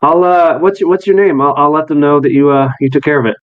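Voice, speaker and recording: A man's voice: fairly high pitch, fairly even intonation, fast, narrow, tinny audio, close to an everyday voice. A man putting on a doting rich cat owner. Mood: grateful. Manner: fussing, gushing over his pet.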